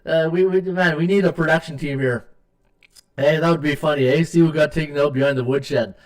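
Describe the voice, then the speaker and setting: A man's voice: a little high, steady tone, fairly quick. A middle-aged man hosts a live sports betting podcast, rambling with many fillers and reading viewer comments aloud. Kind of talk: casual live-stream chat.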